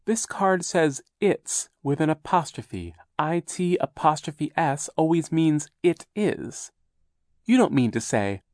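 Man putting on a fussy old aunt, prim and fretful, raised voice, lively pitch, storybook. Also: no echo, clean studio sound. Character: fussy grammar-obsessed nervous older aunt.

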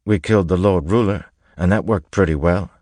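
A man's voice: low voice, fairly quick, a little mellow, no echo, studio quality, pitched above the performer's own voice. A man voicing a terse, determined young man with a firm, clipped manner.

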